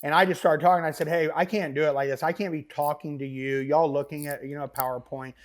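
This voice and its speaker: A middle-aged man, a business founder, telling stories as a podcast guest in a rambling, animated way with many fillers and asides. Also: on the high side, quick pace. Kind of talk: casual interview storytelling.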